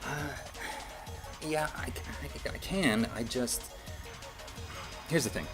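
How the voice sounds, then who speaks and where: A man's voice: medium pitch, takes it slowly, over music. A man answering interview questions casually, a little hesitant and repeating words, with dry humor. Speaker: voice actor guest.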